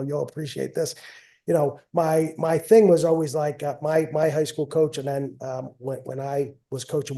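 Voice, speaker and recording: A middle-aged wrestling coach telling stories in a casual interview, rambling and repeating phrases with a self-mocking humor. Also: male voice, fairly high pitch, mellow.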